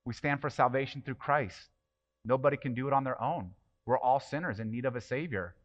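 A man's voice: mid-range voice, fairly quick, highs cut off. A man preaching a sermon as pastor, passionate and emphatic, with many rhetorical questions.

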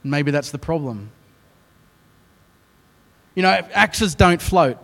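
A man with an Australian accent preaching a sermon as a pastor, telling the story in an animated way with self-mocking, joking asides. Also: a little high, takes it slowly, gravelly, big-room sound.

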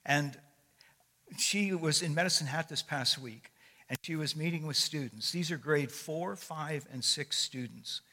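A man's voice: a little high, unhurried. Older man preaching in an echoing hall. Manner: warm, conversational storytelling with frequent fillers. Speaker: guest speaker. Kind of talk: sermon. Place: church sanctuary. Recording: long echo of a large hall.

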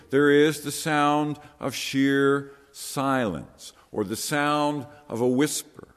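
A man's voice: medium pitch, in a large hall. A man preaching a sermon in an earnest, conversational way, with rhetorical questions to the listeners.

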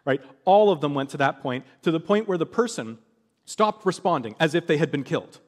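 A man delivers a sermon in a fairly high voice that swoops up and down as he tells the story. He acts out the people he describes, switching into their voices. His words ring with the long reverb of a big hall. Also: fairly quick. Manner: animated storytelling, acting out quoted voices. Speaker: preacher.

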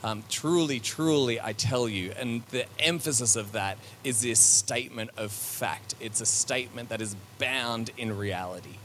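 A man's voice: mid-range voice, measured pace, hardly any pauses, fairly bright tone, a little hiss or hum. A man preaching a sermon to a congregation, thinking aloud in a loose, conversational way with frequent ums, restarts and reflective asides. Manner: conversational, with many fillers and restarts; reflective and searching.

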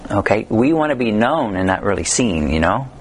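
A man's voice: lowish voice, big pitch swings, moderate pace, a little hiss or hum. A man teaching a Bible study in a conversational way, telling humorous stories and reading scripture aloud.

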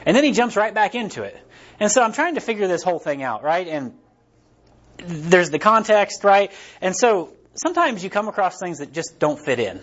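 A man's voice: high voice, expressive, a little fast, fairly bright tone. A man preaching a casual sermon, rambling and conversational, with many fillers and restarts. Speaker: pastor. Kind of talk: casual sermon with personal stories. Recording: dull lo-fi recording.

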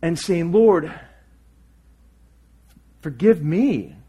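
A man preaching a sermon as pastor. He speaks earnestly, puts questions to his congregation, and moves between loud emphatic lines and quiet asides. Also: a little high, animated, drawn-out words, breathy edge.

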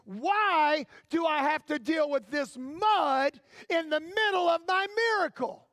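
A man's voice: very high voice, expressive, takes it slowly, a bit bright, no echo, studio quality, exaggerated voice. A pastor acting out a blind man awaiting healing in a sermon story, complaining with comic exasperation.

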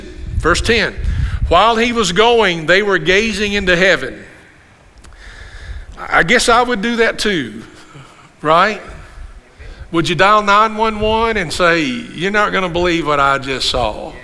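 Older pastor guy in his 60s, fairly high bright voice, preaching in a big echoey church hall. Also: slow, long pauses. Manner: animated preaching with rhetorical questions and repeated refrains. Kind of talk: sermon. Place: church sanctuary. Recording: long hall reverb in a church.

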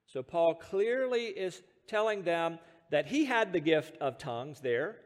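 Preaching at a measured pace with lively intonation, this American pastor has a high, light voice that rings with long reverb through the sanctuary. His sermon weaves in stories told with self-deprecating humor, and he chuckles between points.

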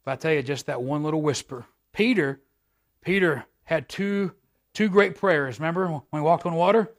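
Folksy male preacher, slightly high voice. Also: moderate pace. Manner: folksy and repetitive, swelling louder at high points. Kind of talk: sermon.

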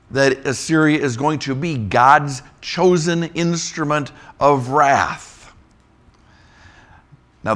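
A male pastor teaching a Bible lesson in a conversational, animated way, often asking rhetorical questions. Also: medium pitch.

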